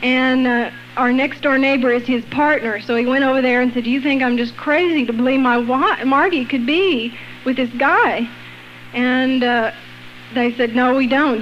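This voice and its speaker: A woman with a high, bright voice tells her testimony with energy and acts out the people she quotes. The recording is dull and lo-fi. A faint hiss runs underneath. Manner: lively, acts out quoted voices, laughs between lines. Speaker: guest sharing a personal testimony. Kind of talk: animated storytelling testimony.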